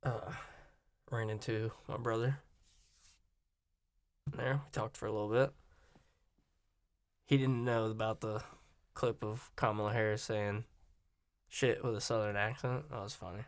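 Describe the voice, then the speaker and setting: A man's voice: on the low side, fairly even intonation, unhurried, long pauses, dry recording. A man from Virginia and Florida talking in a casual, rambling, opinionated monologue and often cutting himself off. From Virginia and Florida, USA. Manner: opinionated, rambling, self-interrupting.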